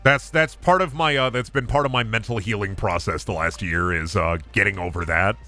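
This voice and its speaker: A man's voice: fairly low pitch, fairly quick, bright, forceful tone, faint music behind. A man streaming a video game, chatting and swearing casually, often with an upward inflection. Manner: chatty, rambling, swears freely. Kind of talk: casual gameplay commentary.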